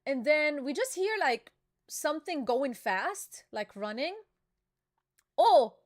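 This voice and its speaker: Taking it slowly, a young woman with a bright, high voice reacts to a manga chapter as host of her channel's casual live chat. She gets excitable and emotional, wandering from thought to thought with slang and lots of filler words.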